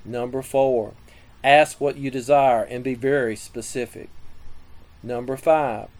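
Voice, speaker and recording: A man giving a scripted sermon teaching on prayer, reading scripture and listing numbered points in a measured way. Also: medium pitch, fairly even intonation, a little mellow, low-quality recording. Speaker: preacher.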